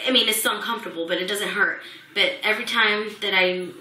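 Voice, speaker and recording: A woman's voice: mid-range voice, quick pace, sharp tone. A young woman vlogger telling the story of a hospital visit during her pregnancy, with lots of fillers and restarts. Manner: emotional retelling, many fillers and restarts. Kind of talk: personal pregnancy update. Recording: echoey room.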